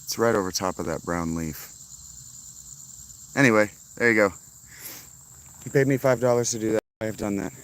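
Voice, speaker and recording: A man's voice: lowish voice, normal speed, pauses often, a bit bright, clean tone. A man chatting casually on a live stream at an outdoor campsite, rambling, swearing freely and greeting chat viewers.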